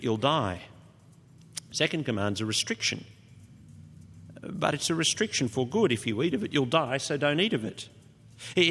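A man preaching an expository sermon, changing his pitch and loudness for emphasis. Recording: long hall reverb.

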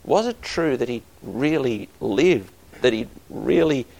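A man's voice: mid-range voice, expressive, a little slow, creaky, a little mellow. A middle-aged man preaching a sermon, earnest and building to emphatic bursts.

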